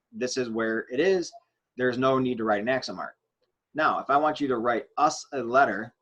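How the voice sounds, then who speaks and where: A man teaching a grammar lesson, explaining step by step while he writes on a board, with frequent fillers and restarts. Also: mid-range voice. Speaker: Spanish teacher.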